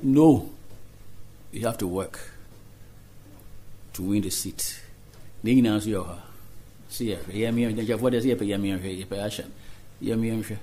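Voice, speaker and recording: A Ghanaian politician giving earnest interview answers, mixing Twi and English. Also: male voice, mid-range voice, darkish tone.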